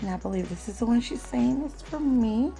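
A woman hosting a craft swap unboxing vlog at home, talking slowly and gently and calling viewers "love" again and again. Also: on the high side, animated, gravelly, faint music behind, rough recording. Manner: slow, gentle, calls viewers "love" often.

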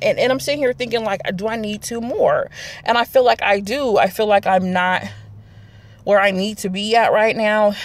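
Chatty rambling vlogger woman. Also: mid-range voice. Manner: chatty, rambling, addresses viewers as y'all. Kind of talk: casual chat to camera.

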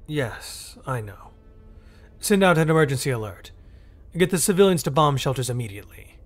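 A man doing a fearful male alien governor whose people are prey. He speaks haltingly, stammering and unsure, with a lively, moving pitch. This is a storybook narration. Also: faint music behind. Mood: grim.

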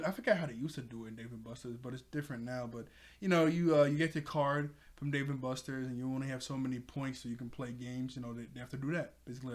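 Chatty man recapping a cartoon. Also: mid-range voice. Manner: rambling, laughs often, quotes characters in quick impressions. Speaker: show reviewer. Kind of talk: casual recap of a cartoon episode.

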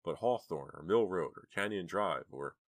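Audiobook narrator, man, very deep voice, dry close sound. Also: expressive, normal speed, no room sound.

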